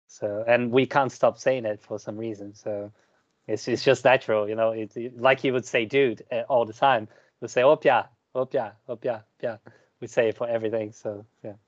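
A man from Brazil with a Brazilian Portuguese accent, a native Portuguese speaker, chatting casually as a podcast guest, relaxed and often laughing. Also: mid-range voice, moderate pace, no room sound, highs cut off. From Curitiba, Brazil. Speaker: guest musician. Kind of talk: casual chat.

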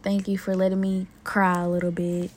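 A young woman talks straight to her listeners in a raw, profane solo podcast vent. Her voice sits at an ordinary middle pitch for a woman, and her talk is loose and conversational. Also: monotone, normal speed, darkish tone, a little hiss or hum. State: emotionally hurt, near tears. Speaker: podcast host. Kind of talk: casual solo podcast venting.

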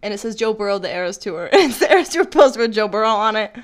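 A young woman co-hosting a casual sports chat, bubbly and excitable, often giggling. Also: medium pitch, fast. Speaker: podcast co-host.

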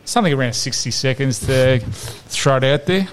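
A man hosting a football podcast, chatting casually and launching into animated comic rants full of "mate". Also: mid-range voice, moderate pace, a little hiss or hum. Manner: animated, ranting, peppered with "mate". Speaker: podcast host.

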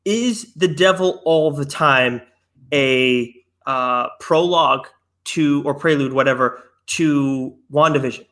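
A man's voice: a little high, slow, fairly bright tone. A man co-hosting a podcast in casual chat, talking in long asides that trail off and restart. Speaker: podcast co-host.

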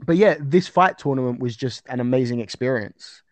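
A man's voice: medium pitch, normal speed, dry recording. A young man talking casually as an interview guest about his fights, rambling with fillers and restarts.

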